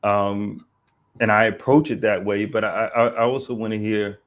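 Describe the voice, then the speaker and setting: A man's voice: on the low side, steady tone, moderate pace. A man hosting an online discussion who rambles, restarts his sentences and banters easily with his guests. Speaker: host.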